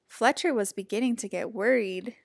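A woman reading a children's picture book aloud in a gentle, expressive storytelling voice. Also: on the high side, normal speed, vocal fry, dry recording, studio quality.

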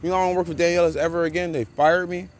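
A man hosting a casual podcast, talking in slang, repeating catchphrases and getting loud and excited. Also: fairly high pitch, very fast. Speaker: podcast host. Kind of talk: casual hyped-up podcast monologue.

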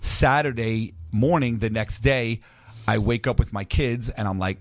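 A man telling stories on a radio show in casual chat, lively and acting out the voices of others. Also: fairly low pitch, measured pace, dry recording. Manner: animated storyteller, acts out voices. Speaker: reality TV show guest.

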